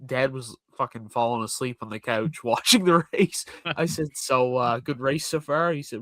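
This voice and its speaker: A man's voice: medium pitch, moderate pace, few pauses, fairly bright tone, no room sound. A man co-hosting a racing podcast in casual chat, blunt and profane. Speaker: podcast co-host.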